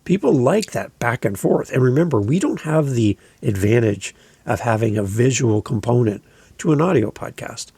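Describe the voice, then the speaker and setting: Podcast guy giving tips, super gravelly raspy voice, talks like he's chatting over coffee. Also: medium pitch, expressive, normal speed, dark tone, no room sound. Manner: conversational, emphatic, gesturing with hands while speaking. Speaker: podcast host and coach. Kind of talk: casual instructional monologue.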